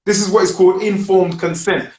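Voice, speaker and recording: A man's voice: high voice, steady tone, a little fast, a little mellow. A British man hosting a group discussion, speaking emphatically and asking rhetorical questions. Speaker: discussion host. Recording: roomy with faint noise.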